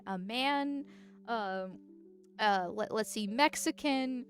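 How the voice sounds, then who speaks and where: Over faint music, the political vtuber speaks slowly in a mid-range voice altered by a voice changer. The casual chat and chat-reading is rambling and giggly, marked by frequent restarts.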